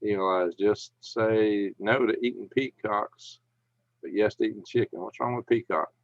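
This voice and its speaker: A man's voice: lowish voice, fairly even intonation, unhurried, no room sound, lo-fi sound. Folksy man telling stories. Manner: folksy, chuckling, rambling anecdotes. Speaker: live stream host. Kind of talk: casual storytelling and reading chat.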